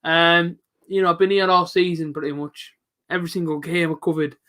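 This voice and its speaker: Fairly quick and forceful, a man in his late twenties with a slightly high, bright voice and a steady tone runs a live football reaction stream. He chats casually, reads the chat, and answers viewers by name.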